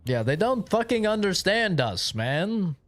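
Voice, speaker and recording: A man's voice: sits high, very animated, unhurried. A young man streaming a game, chatting casually in a crude, joking, ranting way. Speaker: gaming streamer. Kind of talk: casual live-stream chat.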